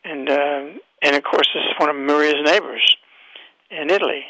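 A man's voice: a little high, fairly even intonation, normal speed, bright, forceful tone, no echo, rough recording. A man hosting a radio talk show, delivering an emphatic, preachy monologue full of rhetorical questions.

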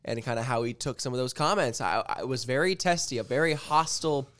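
A man's voice: medium pitch, fast, a bit bright. A man co-hosting a sports podcast in casual chat, emphatic and opinionated, often repeating himself as he builds a point. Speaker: podcast co-host.

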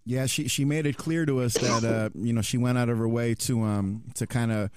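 A man's voice: medium pitch, fairly even intonation, moderate pace, darkish tone, clear, resonant tone, no room sound, clean studio sound. A man co-hosting a morning radio call-in segment, talking in a casual, supportive way. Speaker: radio show co-host.

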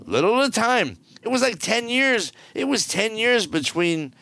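Ranting podcast host, middle-aged man, gravelly and dry, swings his pitch wildly. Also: normal speed, no room sound. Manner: ranting, sarcastic, animated. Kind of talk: opinionated solo podcast.

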